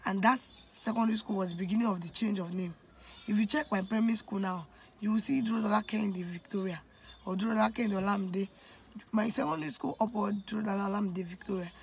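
A Nigerian-accented woman in her twenties shares a heartfelt personal story on her vlog. Her voice sits at an ordinary middle pitch, and she confides in her viewers as if talking to friends. A faint hiss lies underneath. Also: quick pace, creaky. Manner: emotional, confiding storytelling that addresses viewers directly. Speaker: vlogger.

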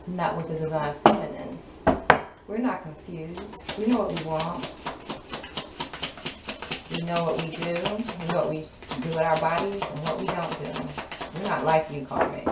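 A woman gives a spoken channeling tarot reading. She sounds sassy and drawling and laughs often. Her voice sits a little low, and it comes from some distance off the mic in an echoey, noisy room. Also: steady tone, a little slow. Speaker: tarot reader.

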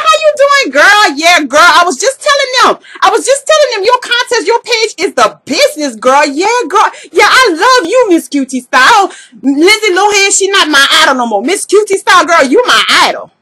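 A woman's voice: sits high, lively intonation, a little fast, bright, forceful tone. Woman playing a sassy Southern party-girl alter ego. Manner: sassy, slangy, trash-talking. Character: brash gossipy jealous female party-girl alter ego. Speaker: vlogger in character. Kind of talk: comedic character vlog.

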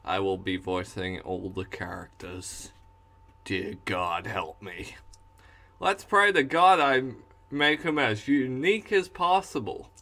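An Australian man with a sore throat jokes about his own efforts in casual commentary. His voice is bright and forward, and he talks at an unhurried pace. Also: on the low side. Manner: self-mocking, joking. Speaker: YouTuber voicing game characters.

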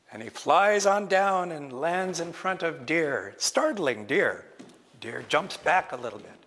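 Man telling traditional tales, unhurried with pauses, recorded in a reverberant lecture hall. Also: on the high side, bright, forceful tone. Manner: slow, deliberate, pausing often. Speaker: traditional storyteller. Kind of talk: traditional oral storytelling at a lecture.

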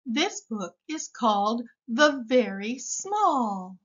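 A woman reading a picture book aloud for young children in a slow, expressive way. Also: fairly high pitch, muffled recording. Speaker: storybook reader.

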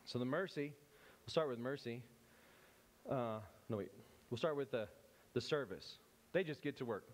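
A man teaching at a church service, animated and playful, often breaking off and restarting as he acts out examples. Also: mid-range voice, normal speed, pauses often. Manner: animated, self-interrupting, playful. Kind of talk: church teaching with acted-out scenes.

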